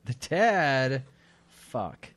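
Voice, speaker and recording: A man co-hosting a podcast in casual comedic chat, crude and quick to laugh. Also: medium pitch, big pitch swings, fairly bright tone, no room sound. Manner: crude, laughing, puts on silly voices in anecdotes. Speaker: podcast co-host.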